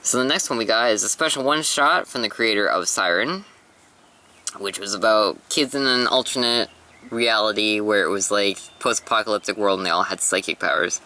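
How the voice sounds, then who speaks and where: Bright-voiced casual young man. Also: lowish voice, brisk. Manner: casual, chatty. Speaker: host reading manga. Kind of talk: casual manga read-aloud.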